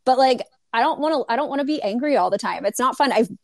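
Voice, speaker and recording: A woman's voice: high-pitched, animated, fast, vocal fry, no echo, clean studio sound. A young adult woman from California, a podcast guest talking candidly in casual conversation and laughing often.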